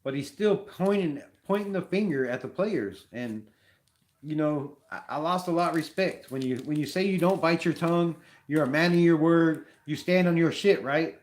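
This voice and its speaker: A man hosting a casual live sports talk stream, rambling and animated, peppering his talk with slang. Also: fairly high pitch, moderate pace. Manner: rambling, animated, says "bro" a lot. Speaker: fan show host.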